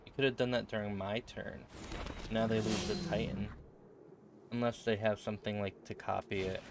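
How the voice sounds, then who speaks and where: A man's voice: lowish voice, little pitch movement, normal speed. A man casually commenting on his own card game play with wry, muttered reactions. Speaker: streamer playing a card game. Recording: audible background noise.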